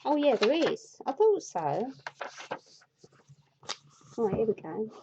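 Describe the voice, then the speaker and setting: A woman's voice: a little high, very animated, slow, creaky, noisy background. A woman reading a fairy tale aloud, breaking off into exasperated, sweary asides, with a dull lo-fi sound. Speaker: storyteller.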